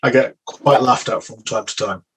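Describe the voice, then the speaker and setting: Casting note: English male journalist guest, ordinary mid-range voice, halting and self-correcting. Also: mid-range voice, a little hiss or hum, low-quality recording. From England. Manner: hesitant, repeats words, laughs easily. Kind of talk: casual interview.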